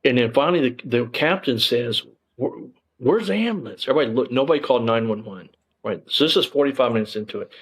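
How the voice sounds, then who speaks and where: A man's voice: mid-range voice, fast, slightly rough. A middle-aged man, telling his story as an interview guest, bluntly and emphatically, with plenty of cursing and fillers. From Texas.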